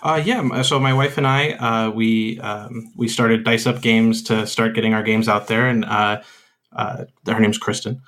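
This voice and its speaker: A man, a game designer appearing as a podcast guest, talking hesitantly with many pauses and restarts. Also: on the low side, steady tone, a bit bright. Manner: hesitant, full of uhs and restarts. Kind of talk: casual interview chat.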